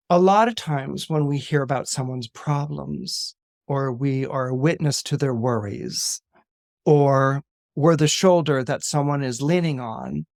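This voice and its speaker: A man, a guest astrologer on a podcast, retelling a film in casual, animated storytelling with laughs and restarts. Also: on the high side, no echo, clean studio sound.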